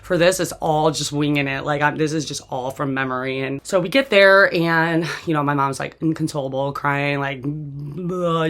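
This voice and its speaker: Telling a personal story from memory, this woman host rambles in a casual way, restarting frequently, using "like" heavily and swearing occasionally. Her voice sits low with a slight brightness.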